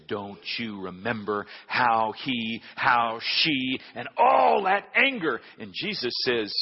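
A middle-aged male pastor preaching a sermon, telling a story and swinging between hushed and loud. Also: a little high, breathy edge. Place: church sanctuary. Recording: dull recording with long hall reverb.

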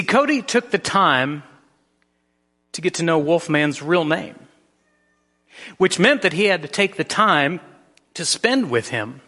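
A pastor preaching a sermon, telling a story with shifting emphasis. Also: male voice, fairly high pitch, sharp tone, big-room sound.

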